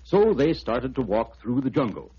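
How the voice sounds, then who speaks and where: A man's voice: medium pitch, big pitch swings, normal speed, husky. A man narrating a children's storybook record in a playful, sing-song manner. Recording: dull lo-fi record with music.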